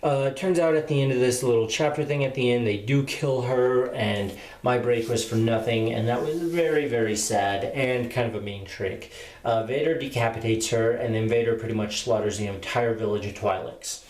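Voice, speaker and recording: A man's voice: medium pitch, moderate pace, a little mellow. A man giving a casual spoken book review, retelling the plot in a rambling way with many fillers. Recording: roomy echo.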